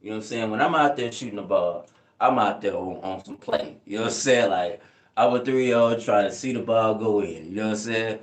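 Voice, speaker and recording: A man's voice: fairly low pitch, a little fast. A young man hosting a casual live chat, rambling in laid-back slang and often asking "you know what I'm saying". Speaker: channel host answering live chat. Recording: echoey room.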